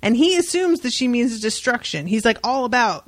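A woman's voice: a little high, sing-song, a little fast, hardly any pauses, dry recording. A young woman co-hosting a casual podcast, retelling a comic story with wry, profane asides and quoted voices. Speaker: podcast co-host. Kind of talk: casual book-club chat.

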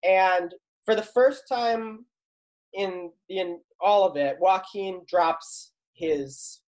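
A man's voice: high-pitched, very slow, darkish tone. Man rambling through a chatty anecdote. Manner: rambling, filler-heavy storytelling, lots of "like". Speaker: guest, actor and comedy writer. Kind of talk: casual anecdote on a talk show.

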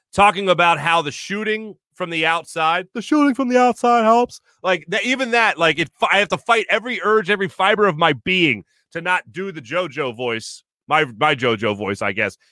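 Chatty bright-voiced sports radio man. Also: fairly high pitch, no room sound, studio quality. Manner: rambling, chatty, self-interrupting with fillers; reads listener comments aloud. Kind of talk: casual sports talk show.

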